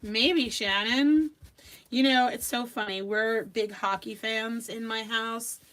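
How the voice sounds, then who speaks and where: A woman's voice: on the high side, fairly even intonation, takes it slowly, a bit bright. A middle-aged woman from Long Island hosting a live craft stream. She chats casually, laughs often, and talks while she works. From Long Island, New York.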